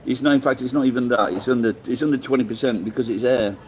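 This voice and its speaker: Speaking at a quick pace in a medium-pitched voice, a middle-aged man with a Sheffield accent from England chats casually with viewers on a livestream. He rambles, swears and restarts often, and the low-quality recording has a little hiss or hum.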